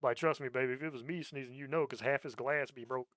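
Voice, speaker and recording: A man's voice: medium pitch, fairly even intonation, fast talker, a bit bright, dry recording. A man hosting a podcast in casual chat, telling rambling, profane stories and laughing often into a close mic. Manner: profane, rambling storyteller who laughs a lot. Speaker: podcast host.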